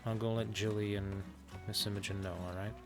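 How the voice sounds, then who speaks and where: A man's voice: on the low side, flat delivery, a little fast, music in the background. A man in an in-character western roleplay, telling a story in a hesitant way with many fillers. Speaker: roleplay streamer.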